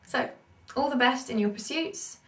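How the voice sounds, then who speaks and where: A woman teaching about accents and voice work in an animated, emphatic way, repeating her key points. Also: high voice, normal speed, far from the mic. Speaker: acting and accent coach. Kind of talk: instructional talk. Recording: roomy echo, speaker off-mic.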